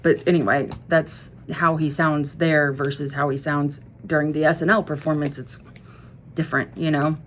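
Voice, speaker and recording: A woman's voice: sits low, level tone, normal speed, a little hiss or hum. A woman talking in a casual music-commentary vlog, blunt and profane, rambling with asides and self-corrections. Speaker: music vlogger.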